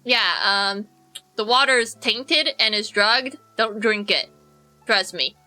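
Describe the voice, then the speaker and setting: A woman's voice: mid-range voice, slow pace, pushed and bright, soft background music. A young woman streaming a game, chatting in a rambling, jokey way and answering her chat. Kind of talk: casual gameplay commentary.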